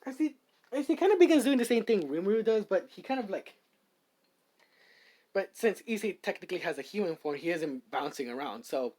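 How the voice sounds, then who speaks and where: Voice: mid-range voice, expressive, a little fast, dark tone. A fan storyteller narrating an improvised fan story in a casual, rambling way, full of fillers and restarts.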